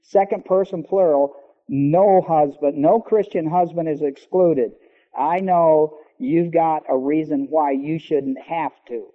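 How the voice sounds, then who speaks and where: A man preaching a sermon, teaching emphatically and slowing down to stress key words. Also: on the high side. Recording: long hall reverb, dull lo-fi sound.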